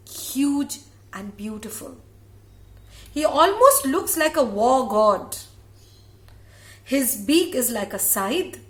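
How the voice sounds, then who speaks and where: A woman storyteller tells an old myth with drama, repeating phrases to build effect. Her voice sits a little high and unhurried. It rings in a roomy, echoey space. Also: fairly bright tone. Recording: echoey room.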